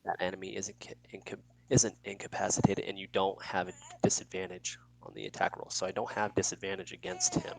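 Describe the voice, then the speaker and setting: Low, gravelly man playing a tabletop game. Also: little pitch movement, rough recording. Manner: thinking aloud, reading rules haltingly. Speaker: player. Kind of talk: casual tabletop game play.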